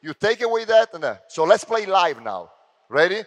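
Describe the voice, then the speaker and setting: A man with an Italian accent running a basketball clinic on court, giving brisk drill commands and sometimes shouting cues. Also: sits high, big pitch swings. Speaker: basketball coach. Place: large indoor gym. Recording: long gym reverb.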